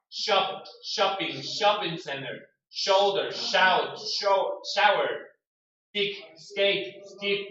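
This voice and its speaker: A man with a high-sitting, sharp-toned voice runs an English vocabulary lesson, reading out word lists and demonstrating meanings with acted examples. The audio is dull and lo-fi, recorded at a distance in an echoey classroom.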